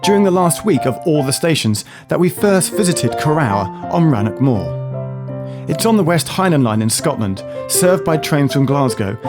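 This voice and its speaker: A man reads travel documentary narration in a calm, measured way, his voice sitting in a middle register. Plucked guitar music plays clearly underneath him throughout. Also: mid-range voice. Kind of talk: scripted narration.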